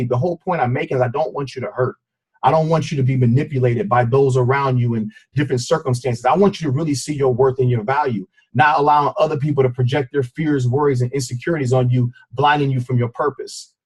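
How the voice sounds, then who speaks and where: A middle-aged man giving an earnest, intense personal testimony on a team call, speaking in an everyday register with a husky voice. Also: mid-range voice, a little mellow. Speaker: guest speaker. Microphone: conference call.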